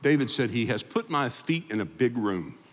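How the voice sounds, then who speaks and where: Pastor preaching in a reverberant sanctuary. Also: male voice, medium pitch, lively intonation, moderate pace. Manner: freewheeling, conversational preaching that drops to a hushed prayer. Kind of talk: sermon and closing prayer. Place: church sanctuary before a congregation. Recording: long hall reverb in a church sanctuary.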